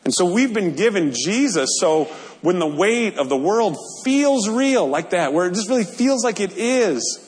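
A male pastor with a high-pitched voice and big pitch swings preaches a sermon at normal speed. He is earnest and conversational, often checking in with his listeners, and a long hall reverb surrounds him.

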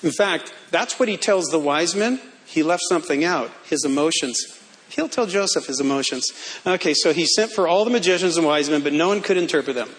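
A male pastor preaching a sermon with animated, humorous storytelling. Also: on the high side, a little fast.

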